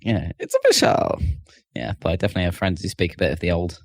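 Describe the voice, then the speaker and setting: A man's voice: deep voice, fast, gravelly, no room sound, clean studio sound. A British man co-hosting a podcast, explaining things in an easygoing way with chuckles. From Britain. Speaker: podcast co-host. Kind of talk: casual chat.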